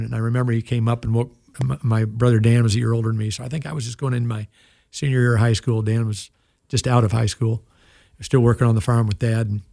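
Gravelly older man telling a story. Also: medium pitch, darkish tone, dry recording, clean studio sound. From United States. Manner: earnest, emotional storytelling. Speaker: pastor and guest. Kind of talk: storytelling in an interview.

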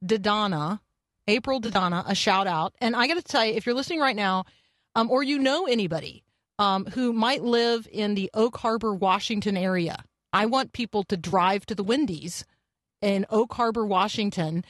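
A woman's voice: mid-range voice, normal speed, no room sound, studio quality. A woman hosting a Christian morning radio show, chatting with energy and plenty of restarts.

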